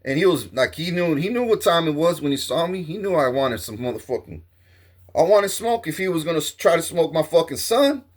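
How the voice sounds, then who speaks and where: A man's voice: a little high, lively intonation, a little fast. A man telling a heated, profane story in a casual monologue. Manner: profane, streetwise, heated storytelling with acted quotes. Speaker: storyteller recounting a confrontation.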